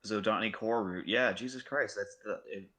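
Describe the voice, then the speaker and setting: A man's voice: lowish voice, normal speed, bright, forceful tone. A man chatting casually as a tabletop game player, rambling with lots of fillers and swearing. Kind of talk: casual chat.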